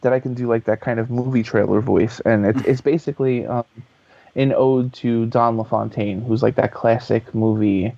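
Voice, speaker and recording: A man guest on a podcast telling a story in a lively, casual way, swearing freely. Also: medium pitch, normal speed, creaky. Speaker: guest, author and voice actor. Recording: dull lo-fi podcast audio.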